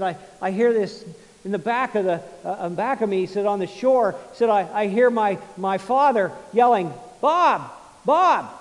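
A man preaching a sermon, retelling a story with many repeats and restarts, swinging between quiet and loud passages. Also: high voice, big-room sound, low-quality recording. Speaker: pastor.

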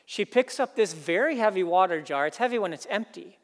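A pastor preaching a sermon, earnest, building emphasis through repeated phrases. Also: male voice, sits high, lively intonation, brisk, big-room sound.

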